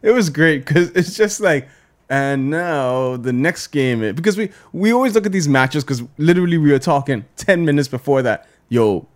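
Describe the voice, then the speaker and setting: A man's voice: on the high side, lively intonation, normal speed. Teasing, persuasive man in casual chat.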